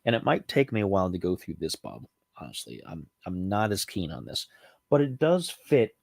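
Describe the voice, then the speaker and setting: A man's voice: sits low, huge pitch swings, brisk, vocal fry, darkish tone, no room sound. A man hosting a casual home review vlog about spirits, talking loosely with many ums and restarts. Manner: rambling, frequent ums and self-corrections. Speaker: channel host reviewing cognac.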